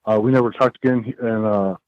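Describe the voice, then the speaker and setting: A man's voice: on the low side, a little fast, no room sound, muffled recording. Man telling a rambling story. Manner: rambling, animated storytelling with many fillers and restarts. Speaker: podcast guest. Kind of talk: casual storytelling in a podcast interview.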